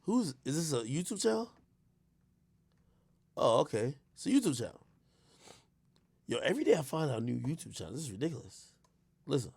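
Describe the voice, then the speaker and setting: A young man riffs on his livestream in casual, slangy banter, his voice gravelly with a lot of fry. His pitch swings widely as he talks, climbing high whenever he gets riled up. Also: fairly quick, pauses often. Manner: loud animated slangy banter, jumps in pitch when riled up. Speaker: livestream host reacting to chat.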